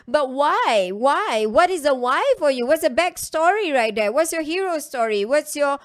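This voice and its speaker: A woman's voice: high voice, expressive, moderate pace, few pauses. A woman with a Singaporean English accent gives a chatty coaching talk to an online class, stressing points by repeating phrases.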